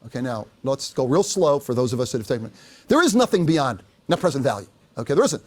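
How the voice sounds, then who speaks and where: A man's voice: fairly high pitch, racing. An older man giving a business talk, telling anecdotes with quoted dialogue and asking the audience questions. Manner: lively storytelling, quotes others, asks audience. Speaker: speaker.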